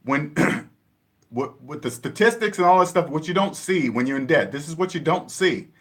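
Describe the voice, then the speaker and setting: A personal finance vlogger from the Seattle area, USA, delivers an emphatic, repetitive lecture about money in a casual monologue. His voice is a little high, expressive and fairly bright, at a normal speed.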